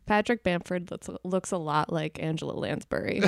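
Female podcast co-host, smooth clear voice, wry and laughing, dry close sound. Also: lowish voice, normal speed, dry recording. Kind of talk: casual chat.

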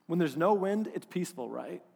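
A man preaching a sermon as pastor, animated, swinging between loud emphasis and hushed moments. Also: on the high side, fairly quick, gravelly, in a large hall.

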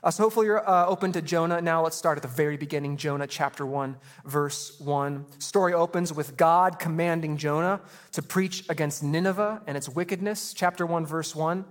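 A man preaching a sermon, retelling a story in a casual, animated way with slang. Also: fairly high pitch, fairly quick, in a large hall. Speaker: pastor.

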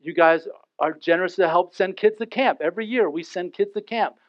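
A man with a fairly high voice preaches to his congregation and acts out little scenes with humor. The recording is dull and lo-fi, and the sound is dry and close. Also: brisk, no room sound. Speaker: pastor. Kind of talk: sermon. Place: church sanctuary.

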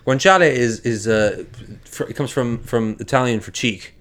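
Brief: male podcast host, mid-pitched voice, rambling chatty film recap with asides. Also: steady tone, measured pace. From Quebec. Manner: chatty, self-correcting, with many restarts and asides. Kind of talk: casual chat recapping a film.

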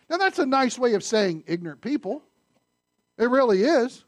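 Man, high voice, preaching, conversational questions, loud then hushed, dry close sound. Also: fairly quick, no echo. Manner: swings from loud emphasis to near-whispered asides. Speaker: pastor. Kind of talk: sermon.

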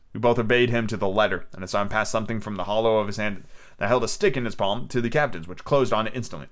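A man with a lowish voice reads a classic adventure story aloud fast and casually, serving as both audiobook narrator and podcast host. He throws in irreverent asides and often stumbles and rereads lines.

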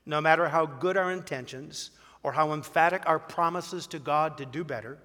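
A man's voice: a little high, normal speed, pushed and bright. Emphatic preaching man, long reverb. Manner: emphatic preaching with rhetorical questions and storytelling. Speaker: pastor. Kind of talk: sermon.

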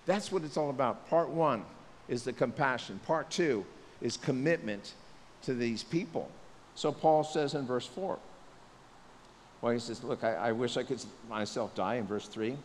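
Man, pastor, sermon, animated, long reverb, faint hiss. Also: medium pitch, measured pace. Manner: animated, acts out voices of people, jokes aside.

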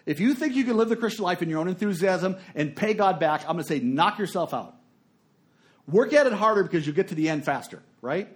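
A middle-aged man preaching a sermon, telling a story and swinging between hushed and emphatic delivery. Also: high-pitched, animated, fairly quick.

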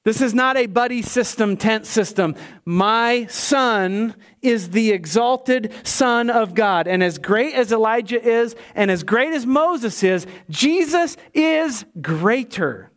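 A man preaching a sermon as a pastor, animated and shifting between loud emphatic lines and hushed, quiet ones. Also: extremely high pitch, slow pace.

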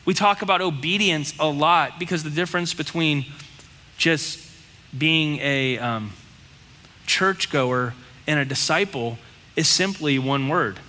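A man preaches to his congregation in a plain, conversational way, firing off rhetorical questions. His voice is bright and sits a bit high. The sound carries a long hall reverb. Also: measured pace. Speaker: pastor. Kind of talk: sermon.

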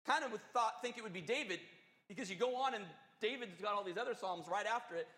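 A male pastor delivers a sermon, telling a story to his congregation in an animated, earnest, conversational way. His voice sits high for a man, and a long reverb trails each phrase through the church hall. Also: fast talker. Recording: echoey hall.

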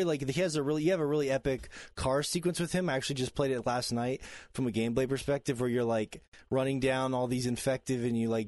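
A man on a casual podcast, talking haltingly with many fillers, his voice jumping up when excited. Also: no echo, clean studio sound. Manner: halting, lots of ums and uhs, animated jumps in pitch. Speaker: podcast co-host. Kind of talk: casual chat.

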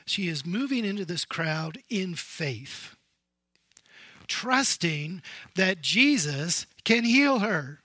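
Brief: male preacher, high and bright, slow, dramatic sermon delivery. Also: no room sound. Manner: animated storytelling, swings from loud emphasis to hushed. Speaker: pastor.

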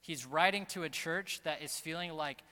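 A man preaching a sermon as pastor, earnest and emphatic, slowing down to stress key phrases. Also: on the high side, sharp tone, clean tone. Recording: long reverb of a large hall.

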